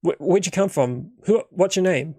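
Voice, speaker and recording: A man's voice: high-pitched, moderate pace, warm tone, slightly rough, dry recording, voice pushed up. A man voicing a level-headed woman ex-police officer who takes charge. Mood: firm.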